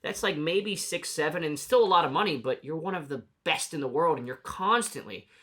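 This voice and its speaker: A man's voice: a little high, a little fast, bright, forceful tone. A man from New York co-hosting a podcast, talking in a loose, rambling way and laughing often. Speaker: podcast co-host. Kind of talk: casual chat.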